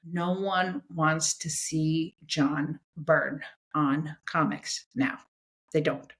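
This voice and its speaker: This comics editor, a guest in a laid-back interview, talks extremely slowly in a low, steady voice. She's blunt and emphatic, often tossing in "okay?" to check in.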